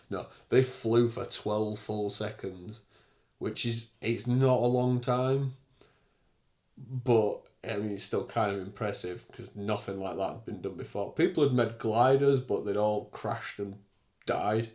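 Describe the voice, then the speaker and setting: A man's voice: lowish voice, darkish tone. A young man hosting a podcast, talking candidly and bluntly in a casual solo monologue, with the odd swear word. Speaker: podcast host.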